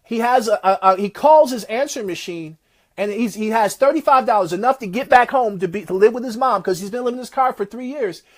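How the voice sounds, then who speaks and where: A man giving a motivational talk, retelling a success story in an animated, preacher-like way. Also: sits high, brisk. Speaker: motivational speaker.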